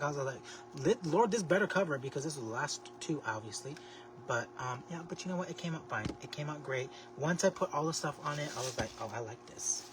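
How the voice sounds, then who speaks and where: A man hosting a casual craft livestream, chatting to viewers in a sassy, expressive way with lots of exclamations. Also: fairly high pitch, fast, far from the mic. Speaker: livestream host making a craft basket. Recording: steady background noise.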